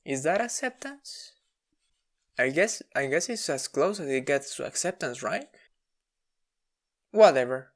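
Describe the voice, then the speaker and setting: A woman with a notably low voice tells a personal story to camera. She speaks candidly and wryly, pokes fun at herself, and often restarts mid-sentence. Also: lively intonation, a little slow, pauses often. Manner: candid, wry, self-deprecating, with frequent restarts. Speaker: vlogger.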